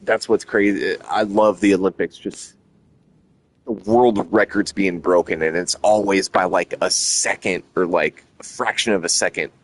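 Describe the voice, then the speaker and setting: A low-pitched man chats casually on a stream. He rambles and swears freely, his talk running hot with excitement. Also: normal speed. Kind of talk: casual chat.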